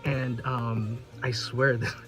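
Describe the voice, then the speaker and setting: A regular on a podcast tells a story in casual conversation, laughing and swearing often and restarting many times. His medium-pitched voice is flat and slow, with music in the background.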